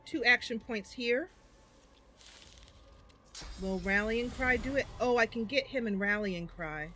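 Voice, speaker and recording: A woman's voice: a little high, measured pace, fairly bright tone, a little hiss or hum. A woman streaming a video game, thinking aloud over her moves and breaking into sudden cries when things go wrong. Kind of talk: livestream game commentary.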